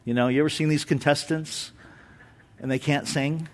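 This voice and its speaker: A man preaching an Easter sermon as pastor, telling stories with humor and swinging between emphatic lines and hushed ones. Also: fairly high pitch, fairly even intonation, moderate pace. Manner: storytelling with humor.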